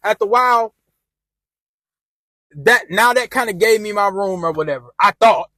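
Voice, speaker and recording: A man's voice: high-pitched, moderate pace, pushed and bright. A man telling a personal story in a rambling, laid-back way, acting out quotes with slang. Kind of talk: casual storytime narration.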